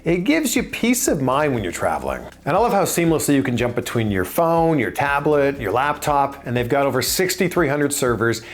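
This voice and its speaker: A male podcast host pauses the interview to read a sponsor message. He keeps it upbeat and conversational, with a voice of middling pitch. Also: sing-song.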